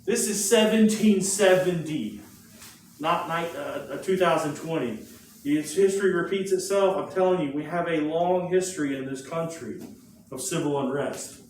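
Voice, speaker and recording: A man teaching a history class, spinning the lesson as a lively story full of rhetorical questions and quick asides. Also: fairly high pitch, slight background noise. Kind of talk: classroom lecture. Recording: very echoey room, mic far off.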